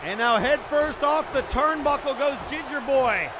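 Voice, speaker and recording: A man calling a wrestling match play by play, often breaking into excited shouts. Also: extremely high pitch, measured pace. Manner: excitable, shouting during big moments. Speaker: wrestling commentator. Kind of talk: play-by-play commentary. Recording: crowd and loud background noise.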